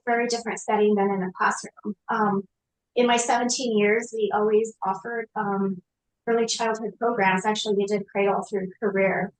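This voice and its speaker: A woman guest on a podcast talking conversationally about her work. Her voice sits somewhat high. She fills her pauses with frequent ums. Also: rough recording. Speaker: executive director of an association.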